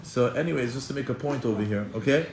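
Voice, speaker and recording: A man teaching a Torah class in an animated way, acting out quoted voices and often restarting his sentences. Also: medium pitch, fast, creaky. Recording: echoey room with faint ambience.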